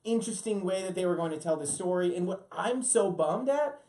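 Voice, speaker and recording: High-voiced, animated male guest. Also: fairly quick. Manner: animated, chatty, many fillers. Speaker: voice actor guest. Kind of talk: casual podcast chat.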